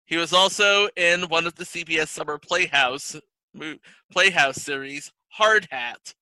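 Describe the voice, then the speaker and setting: A man's voice: a little high, a little slow, bright, forceful tone, no echo, rough recording. A man co-hosting a casual podcast, reading cast notes and teasing his partner. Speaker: podcast co-host. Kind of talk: casual chat about old TV.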